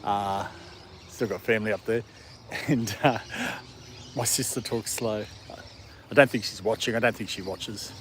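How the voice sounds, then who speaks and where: A man from a country town with an Australian accent, hosting a casual outdoor livestream with his dog. He talks in a relaxed, rambling way and chuckles often. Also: on the low side, unhurried, pauses often, a little hiss or hum. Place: outdoors in a city park in the evening.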